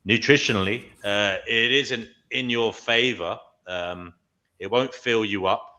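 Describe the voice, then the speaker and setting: A man's voice: fairly low pitch, a little slow, bright, forceful tone. A man hosting a panel, pressing his guest with repeated questions. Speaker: show host. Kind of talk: casual panel discussion.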